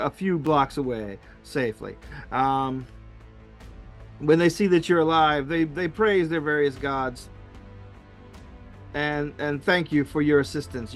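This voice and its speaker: A man narrating a tabletop game as game master, halting, with many fillers and restarts. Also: mid-range voice, a bit bright.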